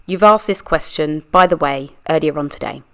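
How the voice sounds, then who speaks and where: For a true crime channel, a woman reads a deposition aloud, voicing a guarded adult woman witness who gives terse, evasive answers under questioning. Her low voice is sharp and clean-toned at a normal speed.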